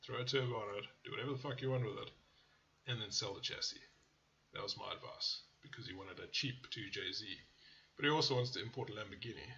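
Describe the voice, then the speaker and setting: Gravelly man ranting bluntly. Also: medium pitch, expressive, fairly quick, long pauses, a bit bright, highs cut off. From South Africa. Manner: blunt and profane, riffs into rants. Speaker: car channel host. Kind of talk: casual car-ad review.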